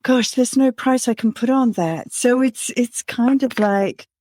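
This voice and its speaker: Slow, measured woman podcast host. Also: on the high side, no echo, studio quality. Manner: slow, measured, warm and reflective. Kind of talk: conversational interview.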